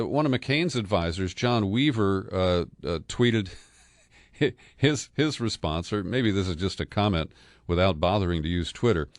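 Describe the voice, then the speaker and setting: A man's voice: on the low side, dry recording, studio quality. A man hosting a political podcast, talking through the news in a sardonic, conversational way with frequent fillers and chuckles. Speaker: podcast host.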